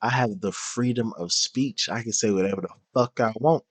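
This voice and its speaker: A man's voice: fairly low pitch, normal speed, dry recording. A man streaming a reaction, answering a clip with blunt, profane and mocking commentary.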